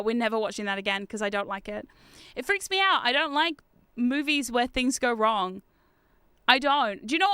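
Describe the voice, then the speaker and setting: A woman streaming while gaming, telling rambling, animated stories in casual chat with plenty of swearing. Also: sits high, clear, resonant tone, no echo.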